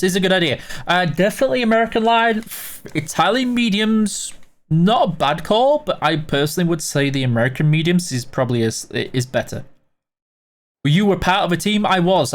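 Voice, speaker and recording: Tired, chatty game streamer man. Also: fairly high pitch. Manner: reads chat questions aloud, answers offhand with fillers. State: very tired, yawning. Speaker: livestream host answering chat while playing. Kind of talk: casual livestream chat.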